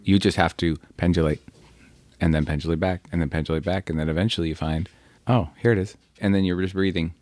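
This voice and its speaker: A man hosting a podcast and talking with his son, reflective and gently joking. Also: sits low, fairly even intonation, fast talker. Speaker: podcast host, father. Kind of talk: casual chat.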